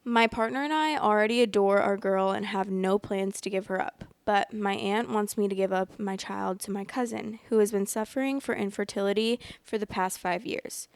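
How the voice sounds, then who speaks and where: Rambling woman host with a gravelly, smooth voice. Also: medium pitch, moderate pace, few pauses, no room sound. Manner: rambling and apologetic, many fillers like "like"; often yawns while talking. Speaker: podcast host reading online stories. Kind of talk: casual chat and story reading. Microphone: close microphone.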